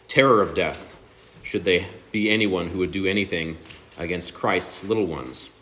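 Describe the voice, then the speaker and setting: A man preaching a sermon in an earnest, emphatic way, slowing down and pausing on key phrases. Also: low voice, fairly bright tone, a little hiss or hum. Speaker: pastor.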